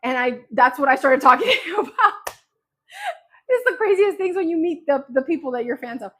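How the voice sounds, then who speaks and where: Woman host, casual craft livestream, slightly high voice, animated storyteller. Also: a little fast. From New Jersey.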